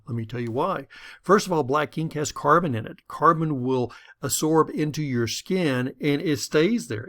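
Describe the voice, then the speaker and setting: A middle-aged man giving a conversational, step-by-step lesson on public speaking. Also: medium pitch. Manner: folksy, conversational, explains step by step. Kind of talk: instructional talk to camera.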